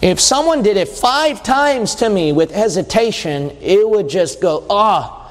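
A man's voice: high-pitched, expressive, a little slow. A man preaching a sermon in a conversational way, reading scripture and acting out quotes. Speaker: pastor. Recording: long hall reverb.

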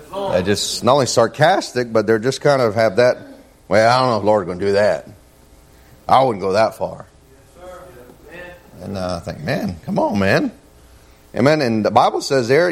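A man preaching a sermon in a folksy way, saying "man" and "amen" often, who climbs higher and louder when he reads scripture. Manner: rises in pitch and energy reading scripture. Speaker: visiting preacher.

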